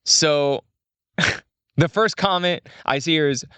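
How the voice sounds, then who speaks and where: A young adult man, chatting casually as a podcast guest, animated and acting out quotes with big pitch jumps. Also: slow pace, clean tone, no echo. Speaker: creative director, guest.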